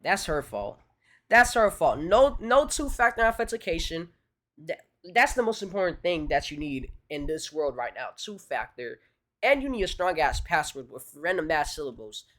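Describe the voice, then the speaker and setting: A man reacting to a video as a streamer, talking excitably in slang and repeating his phrases. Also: a little high, normal speed. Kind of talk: casual reaction commentary. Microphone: streaming mic.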